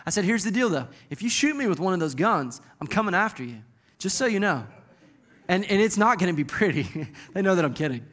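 Brief: man in his 30s, pastor, high bright voice, folksy, joking sermon delivery. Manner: folksy, joking, animated preaching.

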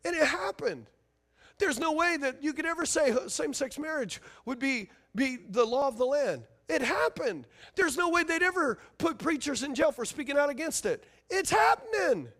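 A man's voice: very high-pitched, fairly bright tone. A man preaching a sermon as pastor, emphatic and fiery, firing rhetorical questions at his congregation.

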